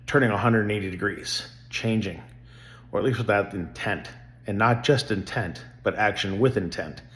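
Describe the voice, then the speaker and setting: A man's voice: lowish voice, normal speed, fairly bright tone. A middle-aged man rambling earnestly about faith and family in a casual vlog. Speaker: vlogger.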